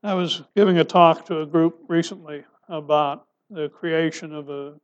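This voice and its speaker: A male pastor preaching a sermon, asking rhetorical questions and dropping his voice soft for emphasis. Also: a little high, steady tone, normal speed, clear, resonant tone, highs cut off.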